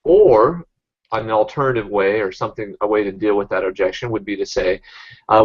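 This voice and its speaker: A man's voice: fairly low pitch, fairly quick, slightly rough, highs cut off. A man leading a real estate sales training, coaching the team with many fillers and restarts.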